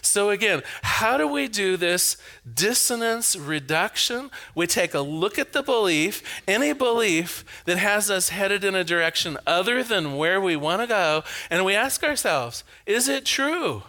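Speaking in a high-pitched voice at a measured pace with hardly any pauses, a US man from the Pacific Northwest reflects on his beliefs. His talk is personal and anecdotal, told with lively storytelling, laughter, and rhetorical questions.

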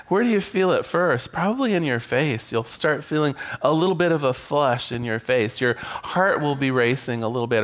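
A man's voice: fairly high pitch, a bit bright. A man giving a sermon as a minister, conversational and joking.

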